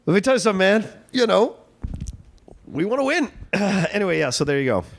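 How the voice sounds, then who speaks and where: Excitable, foul-mouthed male podcast co-host. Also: sits high, soft background music. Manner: excitable, swears freely, quick reactions. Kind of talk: casual film discussion.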